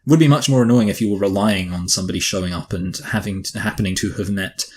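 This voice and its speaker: Man, film podcast co-host, rapid talker, deadpan jokes, lowish voice. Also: breathy edge. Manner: dry, joking, quick banter. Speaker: podcast co-host reviewing films. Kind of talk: casual chat.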